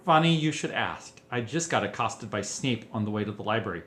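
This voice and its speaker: A man's voice: on the low side, animated, brisk, a bit bright. A man voicing a firm, exasperated teenage boy who sounds weary.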